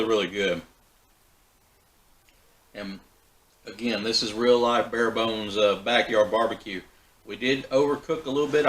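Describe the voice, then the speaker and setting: Low-voiced man, folksy BBQ host. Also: poor audio. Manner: relaxed, folksy, with frequent fillers and restarts. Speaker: backyard BBQ channel host. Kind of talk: casual cooking vlog. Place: backyard.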